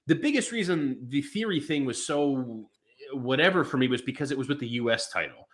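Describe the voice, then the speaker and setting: A man co-hosts a wrestling podcast in long, rambling, casual turns packed with fillers and restarts. His mid-range voice is animated, a bit bright and a little fast.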